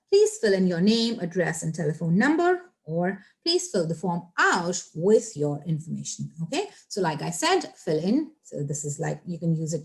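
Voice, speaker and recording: A woman's voice: fairly low pitch, a little mellow. A young woman teaching English phrasal verbs in a chatty, repetitive way, addressing viewers directly. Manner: chatty, repeats points, addresses viewers as guys. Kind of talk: casual online grammar lesson.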